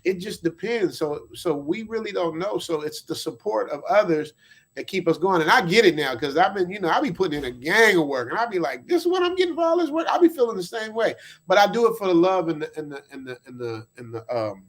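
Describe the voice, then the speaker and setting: Man, high voice, casual livestream talk, slangy, animated, laughs easily. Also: a little fast. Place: abroad, lives in Thailand.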